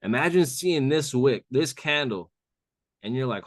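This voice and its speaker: A man's voice: medium pitch, moderate pace, dry recording, studio quality. A man on a live call walking listeners through a trading chart, talking loosely and calling them "bro". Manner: casual, says "bro" a lot. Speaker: trading mentor.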